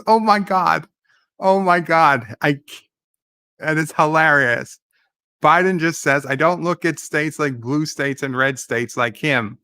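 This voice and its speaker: A man giving live commentary on a debate. He paraphrases the speakers, reads out viewer chat and gets excitable at times. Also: mid-range voice, clear, resonant tone, dry recording.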